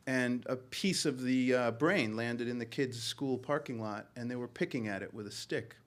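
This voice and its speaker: With plenty of hesitations and ums, a middle-aged man tells a panel a personal story, earnest throughout. He writes for a newspaper, comes from Boston, and speaks at a medium pitch.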